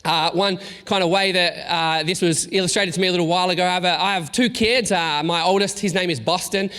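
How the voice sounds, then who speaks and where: High-voiced man preaching in an echoing hall. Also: sharp tone, clean tone. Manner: casual storytelling, self-deprecating, halting restarts. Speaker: pastor. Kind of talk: sermon. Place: church hall. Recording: long reverb in a large room.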